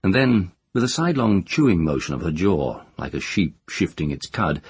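A man narrating an audiobook in a measured, expressive storytelling manner. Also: deep voice, husky, no room sound.

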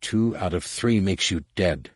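A man's voice: deep voice, measured pace, dry recording, studio quality. A man voicing a young man speaking tensely through clenched teeth, holding back rage. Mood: grim tense. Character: grim young man fighting inner rage.

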